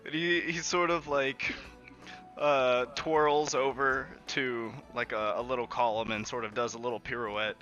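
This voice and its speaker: A man's voice: mid-range voice, steady tone, unhurried, pushed and bright. A man narrating a tabletop game as game master, in a rambling, giggly way full of fillers, in a muffled lo-fi recording with faint music.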